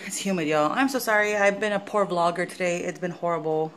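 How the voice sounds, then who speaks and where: A woman's voice: a little fast, fairly bright tone. A young woman talking casually to her viewers in a vlog, often slipping into baby talk with her pet. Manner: chatty, swoops into high baby talk with her dog. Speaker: vlogger.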